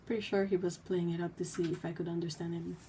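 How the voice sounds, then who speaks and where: A woman hosts a casual livestream, her voice sitting a little low. She chats freely and reads viewer comments out loud between her own remarks. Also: little pitch movement, quick pace, a little hiss or hum. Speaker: livestream host.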